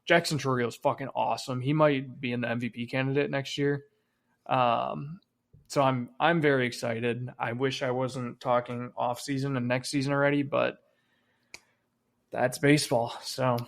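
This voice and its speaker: At a normal speed, a sports podcast co-host talks in relaxed, casual chat with a gravelly, mid-pitched voice. He curses freely, and his sentences trail off into fillers.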